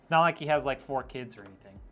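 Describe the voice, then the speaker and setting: A man's voice: medium pitch, animated, fast talker, fairly bright tone. A man streaming a PC build, chatting casually and teasing viewers as he reads their messages, with frequent laughs. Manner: joking, teasing, laughs often.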